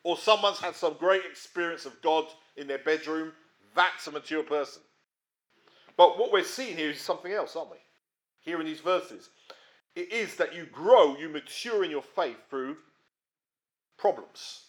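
A man preaching a sermon in a conversational way, often checking in with his listeners and swinging between emphatic rises and quiet drops. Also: fairly high pitch, moderate pace. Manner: conversational, frequent tag questions.

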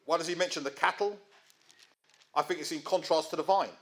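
Guy preaching, kinda high voice, talks to the crowd like a chat, lots of "yeah?". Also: a little fast, long pauses, fairly bright tone. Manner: conversational, asks the audience rhetorical questions. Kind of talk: sermon.

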